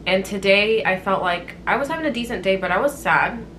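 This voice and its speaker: A woman's voice: mid-range voice, expressive, a little fast, fairly bright tone, slight background noise, rough recording. A woman in her twenties telling a story to her vlog camera at home, candid and rambling, with fillers and frequent swearing. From Canada. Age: 20s. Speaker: vlogger. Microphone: compact camera on-board mic.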